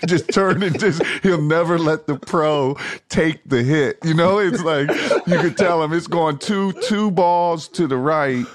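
A man's voice: fairly high pitch, a little slow, no room sound. Profane, laughing male podcast host. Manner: profane, laughing anecdote teller. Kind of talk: casual chat. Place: golf course outdoors.

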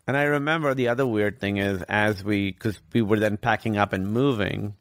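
A man's voice: on the low side, steady tone, normal speed, dry recording, clean studio sound. A man candidly telling a personal story as a guest in a conversation, rambling and swearing casually.

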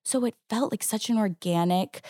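A woman stage actress chatting as an interview guest, telling stories in an animated way with quick restarts. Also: medium pitch, no room sound, clean studio sound. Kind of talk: casual interview chat.

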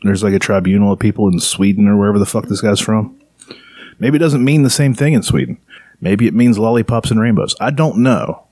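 Low voiced dude rambling sarcastically on his podcast, um and uh everywhere, dry close sound. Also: expressive, brisk, darkish tone, no echo. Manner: rambling, sarcastic, lots of fillers. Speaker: podcast host. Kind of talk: casual chat.

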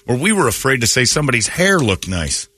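Brash male morning-show host, mocking and crude, animated delivery. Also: mid-range voice, brisk, noisy background. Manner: brash, mocking, slips into silly put-on voices. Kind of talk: crude comedic radio banter. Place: radio studio.

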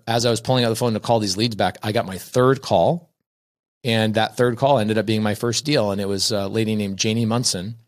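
A man guest casually telling a story about his early business, acting out quoted people. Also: on the low side. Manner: acts out quoted people with a raised voice; self-correcting restarts. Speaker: real estate investor guest.

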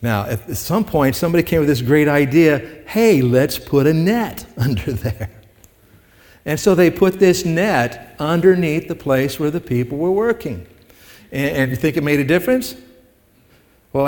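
A pastor with a slightly high, somewhat mellow voice preaches to his congregation in a church sanctuary. His sermon moves from conversational stretches to emphatic peaks, and the recording carries a long hall reverb.

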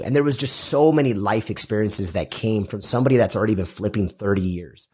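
Husky-voiced man telling animated stories. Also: fairly low pitch, brisk. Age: middle-aged. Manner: animated storyteller, acts out quoted dialogue. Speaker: guest, house flipper. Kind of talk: casual podcast interview.

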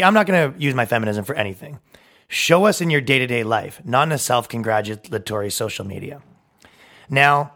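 A man's voice: fairly high pitch, a bit bright. A brash young man rants through a solo podcast, swearing freely and laughing at his own jokes. He acts out both sides of conversations to drive his points home. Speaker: podcast host.

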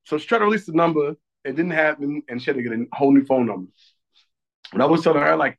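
A man's voice: a little high, fast talker, highs cut off. A man co-hosting a podcast, telling a story in casual, profane chat and acting out other people's lines with lots of energy. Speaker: podcast co-host.

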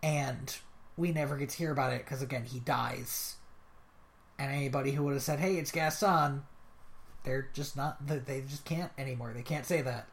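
A podcast host in casual conversation, chatty and quick, often cutting in with afterthoughts. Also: mid-range voice, fairly even intonation.

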